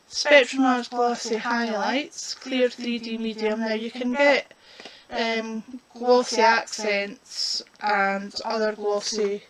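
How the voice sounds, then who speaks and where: A woman's voice: on the high side, a little hiss or hum, poor audio. A woman, chatting casually while demonstrating a colouring craft. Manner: chatty, unhurried, talks while working.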